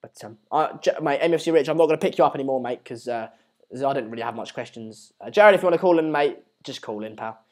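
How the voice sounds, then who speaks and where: A man's voice: mid-range voice, fast, a little mellow. A man hosting a live football watchalong, chatting casually, reading viewer comments and repeating himself. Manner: rambling, repeats words and phrases.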